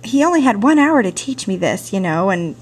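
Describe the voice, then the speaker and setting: Woman storyteller, slightly husky, medium pitch, chatty and animated, home camcorder sound. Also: brisk. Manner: animated, chatty, laughs often, many "you know" fillers. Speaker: ASL and theater teacher. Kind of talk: personal storytelling. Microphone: handheld camcorder mic.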